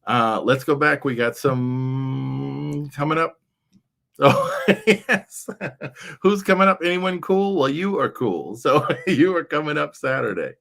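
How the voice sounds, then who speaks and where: A man's voice: on the high side, very animated, a little slow, vocal fry, fairly bright tone. A man hosting a casual livestream chat, rambling along with frequent fillers. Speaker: livestream show host.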